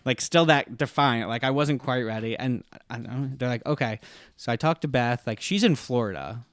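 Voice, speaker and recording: A man appearing as a podcast guest chats casually in a mid-range voice at a moderate pace, captured in a dry recording. He tells a rambling story peppered with self-deprecating jokes.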